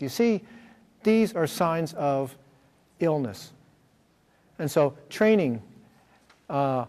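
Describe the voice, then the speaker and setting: Using slides, a man leads a workshop in a school room, walking through each step with frequent fillers and check-ins. His voice is a little high with a darkish tone, and the hall adds a long reverb.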